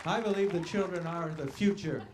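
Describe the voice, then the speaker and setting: On an outdoor stage, a man with a slightly high voice sings at a normal speed through a stage microphone. As a singer and entertainer, he playfully coaches the crowd to sing along and banters with them. The recording is echoey with a loud band and a noisy background.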